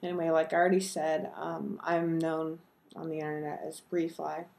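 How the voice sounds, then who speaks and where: A woman from Texas with no regional accent, chatting casually to camera in a low-key, self-deprecating way and hesitating often. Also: little pitch movement, normal speed, vocal fry, a little mellow. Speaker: video blogger. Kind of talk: casual chat and word-list reading.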